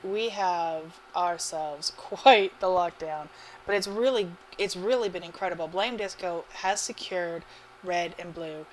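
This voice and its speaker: A woman giving live commentary on an online game match, chatty and quick to laugh. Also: fairly low pitch, rough recording. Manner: chatty, laughs often, excitable. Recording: faint background noise.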